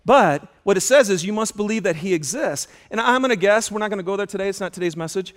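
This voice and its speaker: Male pastor, high voice, animated sermon storyteller who shouts out quoted lines. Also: quick pace. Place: auditorium.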